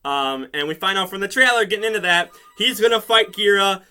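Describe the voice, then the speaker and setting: A man casually recapping a TV episode in an excitable, rambling way, laughing often and using lots of fillers. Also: sits high, brisk, clear, resonant tone, soft background music. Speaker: show reviewer.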